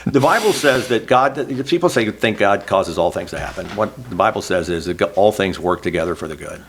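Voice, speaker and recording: A man's voice: on the low side, lively intonation, brisk, a little hiss or hum. A middle-aged man from Oklahoma, a former state senator, telling earnest, self-deprecating stories in an oral history interview. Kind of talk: reflective oral history storytelling.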